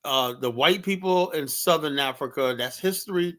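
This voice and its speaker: A man hosting an online panel, calming guests and asking questions in a relaxed way. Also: fairly high pitch, moderate pace. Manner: calming, conversational, asks questions. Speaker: panel host.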